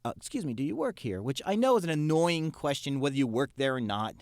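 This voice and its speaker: A man telling a casual story on a podcast, with lively acted-out quotes. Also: medium pitch, quick pace, dry recording, studio quality. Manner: animated anecdote with acted quotes. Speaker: podcast guest.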